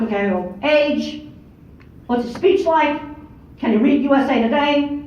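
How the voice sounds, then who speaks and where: Older woman, blunt and emphatic lecturer, high voice, distant in a big echoing hall. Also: measured pace, pauses often. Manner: blunt, matter-of-fact, emphatic. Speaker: speaker giving a lecture. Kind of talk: conference talk. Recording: far-off echoey hall, dull lo-fi audio.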